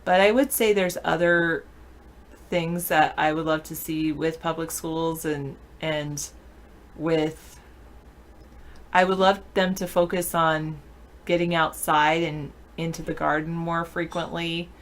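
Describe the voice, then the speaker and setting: A woman's voice: deep voice, fairly even intonation, slow. A woman co-hosting a live online show, chatting casually and answering viewer questions aloud. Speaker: show co-host reading chat. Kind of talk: casual live-stream chat.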